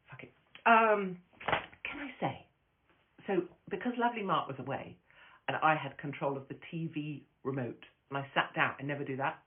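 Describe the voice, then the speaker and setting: A woman hosting a casual live stream from her phone, brash and profane, rambling from story to story and laughing often. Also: lowish voice. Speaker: host of a live stream, stand-up comic. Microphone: phone camera. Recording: tinny phone-quality audio.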